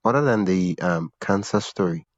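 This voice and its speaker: A man's voice: low voice, moderate pace, no echo, highs cut off. A man hosting a podcast interview, talking casually and often restarting his sentences as he searches for words. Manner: searching for words, repeats himself, laughs now and then. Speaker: podcast host. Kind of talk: conversational interview.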